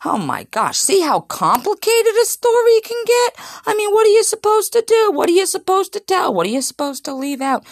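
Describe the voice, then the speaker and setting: Middle-aged lady telling a raunchy story, gravelly voice, bouncy pitch, dry sound. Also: very animated, normal speed, no echo. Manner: crude, chatty, addresses listeners. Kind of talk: casual audio storytelling.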